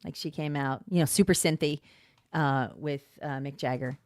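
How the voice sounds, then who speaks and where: A woman in her fifties co-hosting a podcast in casual chat, animated and swearing freely. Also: sits low, normal speed. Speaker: podcast co-host.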